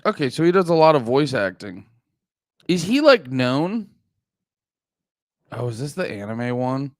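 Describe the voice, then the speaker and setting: Man, livestreamer, casual teasing banter, crisp clear voice, dry close-mic sound. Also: mid-range voice, very animated, unhurried, no echo. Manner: brash, teasing, swears a lot. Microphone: close desk mic.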